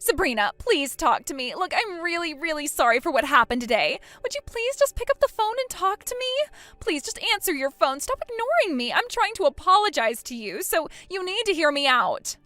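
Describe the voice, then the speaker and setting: Bratty, mocking young sister-in-law voiced by a woman for a text-message drama; high, swooping pitch, dry close sound. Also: very animated, a little fast, pushed and bright, no room sound, soft background music, heavily acted. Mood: pleading. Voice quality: mocking, whiny. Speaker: voice actor.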